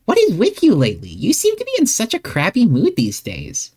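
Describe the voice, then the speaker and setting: A woman's voice: medium pitch, wildly swooping pitch, a little fast, darkish tone, husky, exaggerated voice. A woman playing an easygoing teenage girl who teases and pushes back, upbeat and incredulous, in a fan-made comic reading.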